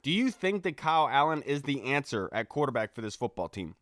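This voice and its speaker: A man's voice: mid-range voice, very animated, brisk, a bit bright, no echo. Upbeat man hosting, dry close sound. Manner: upbeat, agreeable, steers the talk. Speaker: podcast host. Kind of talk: casual sports podcast chat.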